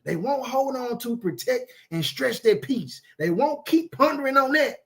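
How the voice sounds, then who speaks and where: A man's voice: extremely high pitch, animated, normal speed, creaky, a bit bright. A man preaching an informal sermon, emphatic and repetitive, with streetwise phrasing and frequent asides of "man".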